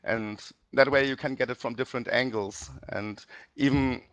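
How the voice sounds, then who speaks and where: A man hosting a relaxed interview, his voice gravelly with plenty of fry. He talks haltingly, restarting his sentences, and the sound is close and dry. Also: medium pitch, no echo. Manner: hesitant, many restarts and fillers. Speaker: interview host. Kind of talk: casual interview chat.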